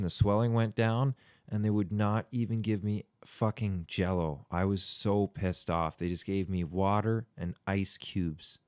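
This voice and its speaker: A man's voice: sits low, darkish tone, clear, resonant tone. A young man talking casually as a podcast guest, rambling, talkative and swearing freely. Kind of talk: casual chat.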